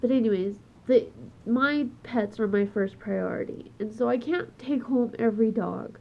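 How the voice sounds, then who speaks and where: Woman, tearful, upset, high-pitched, gravelly, muffled home recording. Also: moderate pace. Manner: tearful, upset and heartfelt, trailing off and restarting. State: crying. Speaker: vlogger. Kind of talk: emotional personal vlog. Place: at home with her dog.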